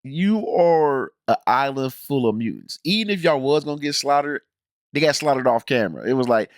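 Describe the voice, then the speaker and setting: A man rants through a show review, exasperated and blunt, with slangy talk and lots of restarts. His voice sits at an ordinary middle pitch. The sound is close and dry, with no room around it. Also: expressive, normal speed, no echo. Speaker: video reviewer.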